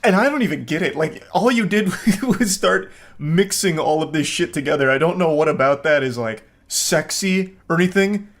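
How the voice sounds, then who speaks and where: Sarcastic, laughing man with a higher voice. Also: animated, moderate pace, hardly any pauses, fairly bright tone. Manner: sarcastic and incredulous, laughing often. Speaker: commentator. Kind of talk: comedic reaction commentary.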